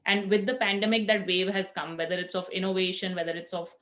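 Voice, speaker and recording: A woman's voice: medium pitch, flat delivery, fast talker, a bit bright. A woman panelist giving closing remarks in a thoughtful, hesitant way with many fillers.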